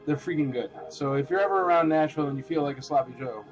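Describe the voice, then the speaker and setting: A man's voice: medium pitch, very fast, few pauses, faint music behind. A man hosting a casual live-stream auction, chatty and rambling with lots of filler words.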